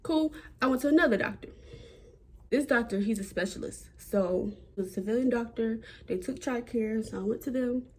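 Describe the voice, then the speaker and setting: A young woman telling a personal story to camera in a chatty, animated way. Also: moderate pace, background noise. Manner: animated, chatty, acts out quotes with big jumps in pitch. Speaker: vlogger.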